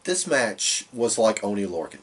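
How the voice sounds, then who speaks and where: A man co-hosting a podcast, recapping wrestling matches in a relaxed chat full of fillers. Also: fairly low pitch, normal speed, a little hiss or hum. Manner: relaxed, filler-heavy recapping with quoted asides. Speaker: podcast co-host.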